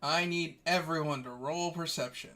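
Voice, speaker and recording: A man's voice: a little high, moderate pace, bright, forceful tone. A man narrating a tabletop game as game master, in a casual way that is easy to laugh.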